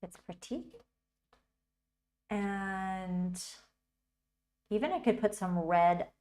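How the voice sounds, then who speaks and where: A woman's voice: mid-range voice, extremely slow, darkish tone. A woman hosting a casual livestream tutorial, chatting and thinking aloud as she works. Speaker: tutorial host.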